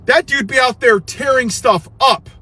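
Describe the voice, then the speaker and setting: A man's voice: very high voice, normal speed, bright, forceful tone, slightly rough, no echo. A man delivering preachy, confrontational commentary full of rhetorical questions. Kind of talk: direct-to-camera commentary.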